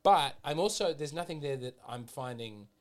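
A man's voice: a little high, animated, moderate pace. A man co-hosting a podcast in casual chat. He speaks reflectively and often trails off mid-sentence. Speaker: podcast co-host.

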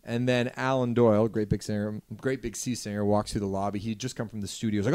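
A man's voice: lowish voice, steady tone, fast, few pauses, darkish tone. A man co-hosting a podcast, telling an anecdote in an enthusiastic, loose, casual way. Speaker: podcast co-host. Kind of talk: casual storytelling chat.

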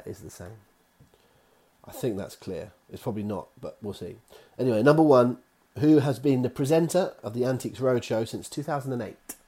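A man's voice: on the low side, mellow, breathy edge. A man hosting a quiz from his own office, reading each question twice with chatty asides. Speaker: quiz host.

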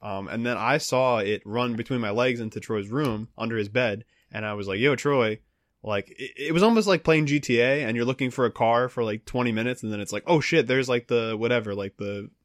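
A young man co-hosting a podcast, talking in an animated way, swearing often and acting out quotes. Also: medium pitch, fairly quick, dry recording, studio quality. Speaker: podcast co-host. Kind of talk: casual chat.

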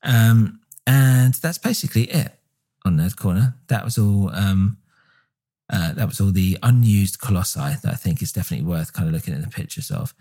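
A man's voice: lowish voice, normal speed. A man co-hosting a podcast, chatting casually and enthusiastically with lots of fillers. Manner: relaxed, filler-heavy, enthusiastic. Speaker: podcast co-host. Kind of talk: casual chat.

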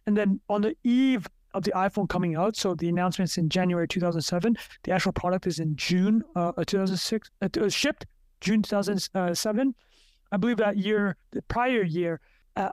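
Podcast host, male, high pitch, rambling off notes, dead-dry close sound. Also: dry recording. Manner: rambling, self-interrupting, frequent uh fillers. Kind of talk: casual solo podcast talk.

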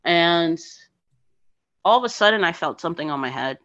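Woman guest from New Jersey, animated storyteller, dull dry lo-fi audio. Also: on the low side, moderate pace, no echo. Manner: animated, emotional storyteller with lots of "like" and "you know". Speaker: podcast guest, thru-hiker. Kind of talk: storytelling in a casual interview.

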